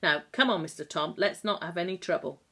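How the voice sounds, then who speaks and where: A timid young nurse, apologetic and coaxing, trying to keep the peace, as a woman reading a storybook puts her on. Her voice stays low and politely hesitant. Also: a little fast, fairly bright tone, slightly rough. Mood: nervous. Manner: nervous, sing-song coaxing.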